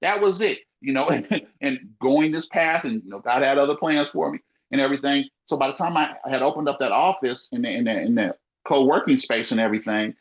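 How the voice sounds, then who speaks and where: A small-business owner chats on a casual podcast in a mid-range, slightly quick voice. He's emphatic and repeats himself, leaning heavily on "you know." The audio is muffled and lo-fi.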